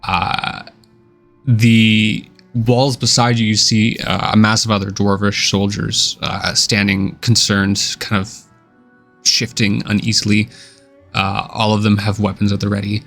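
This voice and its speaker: Male game master, low gravelly voice, easygoing scene-setter for a tabletop session. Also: unhurried, soft background music. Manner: relaxed, descriptive, many uh and kinda fillers.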